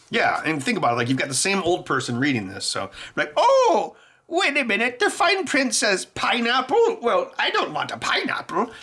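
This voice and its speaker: A man hosting a casual vlog, animated and jokey with frequent laughter. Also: medium pitch, husky. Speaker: tech YouTuber.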